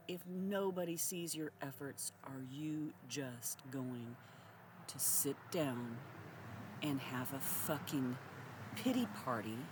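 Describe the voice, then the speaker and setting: A woman's voice: sits low, slow, darkish tone, a little hiss or hum. A woman giving a blunt, sarcastic, profane monologue to her audience. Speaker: social commentator. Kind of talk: direct-to-camera monologue.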